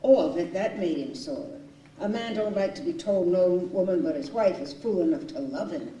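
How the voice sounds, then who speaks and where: A woman's voice: lowish voice, expressive, moderate pace, dark tone, highs cut off, lightly acted. A woman acting a jaded household cook in a stage play, tossing out dry, sardonic quips. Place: small community theater stage. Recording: roomy stage sound from far off.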